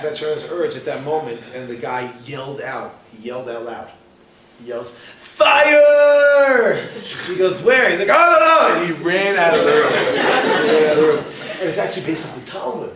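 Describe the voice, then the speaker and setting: A man teaching a class as a rabbi, his voice sitting a bit high and full of teasing questions for the crowd. He is picked up from some distance in a roomy hall. A faint ambience hums behind him. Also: normal speed, noisy background. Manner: joking, questions the audience directly. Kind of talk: lively class to a live audience. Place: lecture hall with audience.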